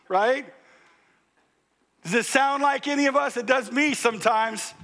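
An older male pastor preaching a sermon, joking and animated, calling out to the congregation and now and then breaking into loud exclamations. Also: high voice, moderate pace.

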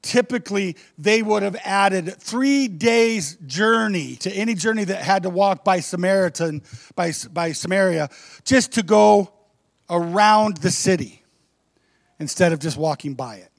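High-voiced male pastor preaching. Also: vocal fry, no echo, studio quality. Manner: conversational preaching, rhetorical questions to the congregation. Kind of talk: sermon.

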